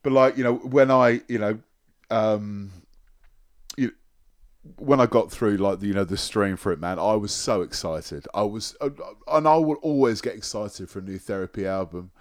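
A man as a podcast guest, talking in a rambling, halting way and swearing often. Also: on the low side. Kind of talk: casual chat.

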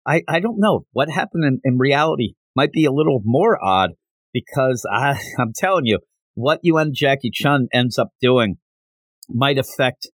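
A man's voice: mid-range voice, expressive, normal speed, dry recording. A man hosting a podcast in a casual solo recap, chatty and digressive, laughing as he goes and acting out quotes. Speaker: podcast host.

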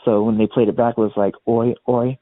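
A man co-hosting a podcast, chatting casually about a rock album and retelling studio stories, sometimes quoting people in quick put-on voices. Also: fairly low pitch, dry recording. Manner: relaxed storyteller, quotes others in small put-on voices. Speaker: podcast co-host. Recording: dry, thin phone-like sound.

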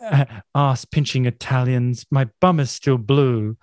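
A man's voice: medium pitch, measured pace, a little mellow, dry recording, clean studio sound, natural voice. A man voicing a brassy party-girl best friend in a flippant, bawdy way.

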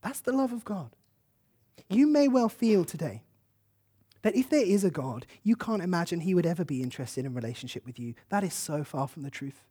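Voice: medium pitch, expressive, fairly quick, mellow, breathy edge. A preacher giving a sermon, telling a story in an earnest, emotive way and acting out the quotes.

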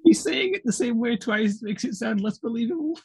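A man with a husky voice, running a tabletop game and teasing the players in a wry way. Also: very high-pitched, lively intonation, a little fast. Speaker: game master. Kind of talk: casual game table chat.

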